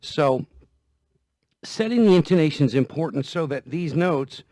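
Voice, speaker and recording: With a mellow, expressive voice on the high side, this man talks at a moderate pace in a recording with no room sound. He's a guitar vlogger explaining guitar care in a homey, repetitive way, with occasional guitar playing behind him.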